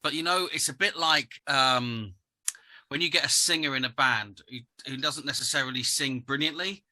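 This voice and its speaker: A man on a podcast, talking things over in a chatty, opinionated way. His voice is very bright and sharp, and he often restarts his sentences. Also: mid-range voice, normal speed. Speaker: podcast co-host. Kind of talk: casual chat.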